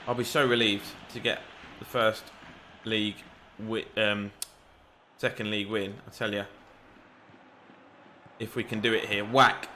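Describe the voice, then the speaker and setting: A man commentating on his own football video game match, excitable and quick to shout at the referee. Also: mid-range voice. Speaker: gaming YouTuber.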